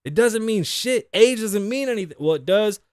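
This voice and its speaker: A man in his thirties riffs through the day's stories on his own podcast, swearing freely and wandering off on tangents. His voice sits fairly high and swings widely in pitch. The sound is dry and close, with no room around it. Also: moderate pace, clear, resonant tone, dry recording. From Puerto Rican background. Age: 30s. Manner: profane, animated, rambling. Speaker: podcast host. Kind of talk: solo casual podcast rant.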